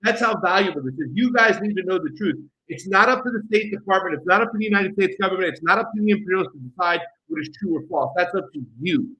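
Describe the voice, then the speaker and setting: Fast, high-voiced ranting male co-host. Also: sharp tone, low-quality recording. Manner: heated, rapid, ranting delivery. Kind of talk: political commentary show.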